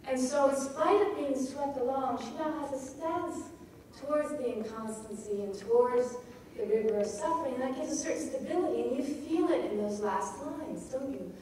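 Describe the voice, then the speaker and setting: A woman giving a lecture on poetry, reading lines aloud with expressive emphasis. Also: high voice, normal speed, recorded from a distance, slight background noise. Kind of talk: lecture on poetic rhythm. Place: lecture hall at a festival. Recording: echoey hall, recorded from afar.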